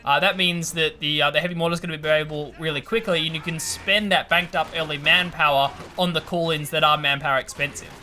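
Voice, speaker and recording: Fast, very bright-voiced male caster. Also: fairly high pitch, fairly even intonation, a little hiss or hum. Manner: rapid, enthusiastic analysis. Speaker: esports co-caster. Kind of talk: game commentary.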